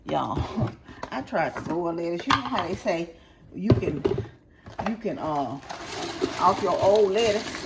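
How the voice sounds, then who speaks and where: A woman's voice: low voice, distant mic. A woman vlogging casually at home, chatting straight to her viewers while she unpacks groceries. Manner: chatty, keeps addressing viewers directly. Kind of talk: casual vlog chat. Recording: echoey room with background noise.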